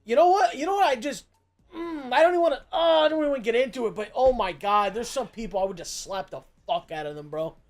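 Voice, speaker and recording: A man's voice: very high voice, expressive, fast, soft background music. A man co-hosting a casual chat, chiming in with blunt, profane remarks. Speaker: streamer co-host.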